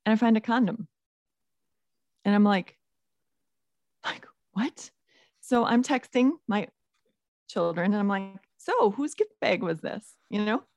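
Woman, forties, podcast co-host, lively storyteller, dry close sound. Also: mid-range voice, measured pace, pauses often, no room sound. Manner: animated storyteller, acts out dialogue. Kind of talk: casual faith podcast chat.

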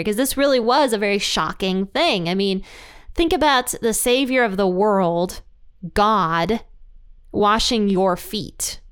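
Smooth-voiced woman teaching the Bible casually. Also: mid-range voice, fairly bright tone. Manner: chatty, laughs lightly between points. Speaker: Bible study host.

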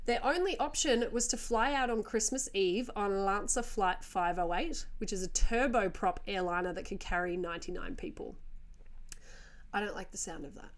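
A woman's voice: mid-range voice, moderate pace. A woman hosting a casual storytelling podcast, chatting through the tale with joking asides and easy laughter.

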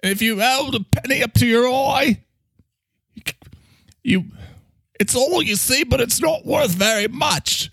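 A man voicing a cheery male spirit with a muddled fake Australian, Cockney and pirate accent, drawn-out and booming. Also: gravelly, a bit bright, husky, no echo, exaggerated voice. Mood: preachy. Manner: bellowing, drawn-out, over-the-top cheer. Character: cheery male spirit, mangled accent, spouts recovery slogans.

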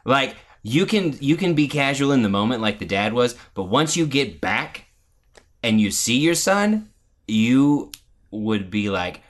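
An animated man in a relaxed movie chat, his voice sitting at an everyday pitch but swinging up and down a lot as he presses his argument. He keeps acting out little lines of dialogue to make his case. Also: a little slow. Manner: animated, argues his point with acted-out quotes. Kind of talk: casual movie discussion.

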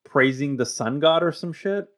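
A man's voice: a little high, lively intonation, moderate pace, fairly bright tone. A man in casual conversation, blunt and chatty, casually swearing and often restarting sentences. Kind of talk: casual chat.

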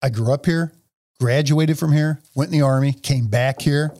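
A man's voice: fairly high pitch, moderate pace. A middle-aged man in casual podcast chat, swearing freely and laughing often. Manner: profane, animated, laughs often. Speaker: podcast co-host.

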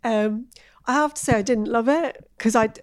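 A woman's voice: a little high, moderate pace. Chatty woman guest. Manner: chatty, animated storytelling, frequent fillers. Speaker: food editor, guest. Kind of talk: casual food chat.

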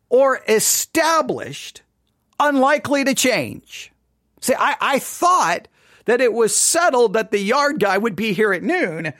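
A man with a fairly high voice tells a rambling, self-deprecating story in casual devotional podcast talk. He sounds chatty and open with his listeners. The studio microphone gives a dry, close sound with no room echo. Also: big pitch swings, measured pace, fairly bright tone. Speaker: podcast host. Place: home studio.

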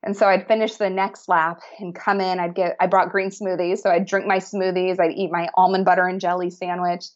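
A woman guest tells a story in a loose, chatty way, full of fillers and restarts. Her voice sits a bit low. The recording is dull and lo-fi, like remote call audio. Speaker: podcast guest. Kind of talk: casual storytelling.

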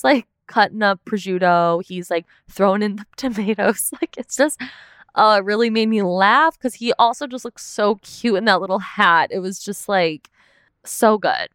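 A woman's voice: mid-range voice, a bit bright, clear, resonant tone, no room sound, studio quality. A young woman hosting a podcast, recapping a reality show in casual chat, full of "like" and the odd swear word. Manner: chatty, peppered with "like", swearing. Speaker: podcast host.

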